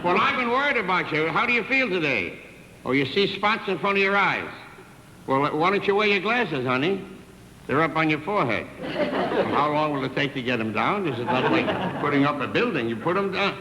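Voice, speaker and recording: An older man performs a vaudeville stand-up routine, wisecracking through one side of a telephone call. His voice leaps up and down, a little higher than most men's. It was captured in an echoey 1960s television theater with a long reverb and clear crowd noise behind him. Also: lively intonation, brisk. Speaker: comedian. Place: theater stage with live audience.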